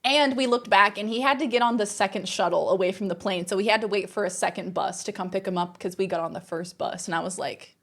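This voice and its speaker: A woman streamer telling a story to her live chat in a lively, exasperated way, swearing freely. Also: medium pitch, fast, few pauses. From Australia.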